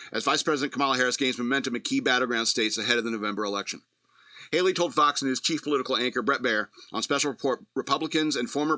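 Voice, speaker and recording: A man's voice: medium pitch, sharp tone, dry recording, studio quality. A man hosting a talk radio show, reading news aloud and giving blunt, profane, sardonic commentary. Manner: blunt, sardonic, profane, laughs at his own jokes.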